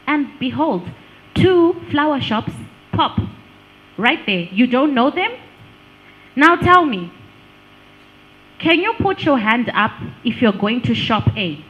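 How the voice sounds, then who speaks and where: Woman, workshop speaker, animated pitch, engaging, asks the audience questions. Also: lo-fi sound. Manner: lively, engaging, asks the room questions, laughs often. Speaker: speaker on digital branding. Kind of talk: live workshop talk to an audience.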